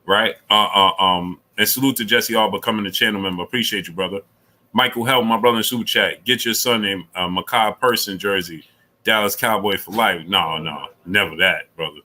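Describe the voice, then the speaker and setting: A middle-aged man hosting a casual live stream, reading super chats, repeating himself and climbing high when he argues. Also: a little fast, low-quality recording. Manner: animated, repeats himself, rises sharply when arguing.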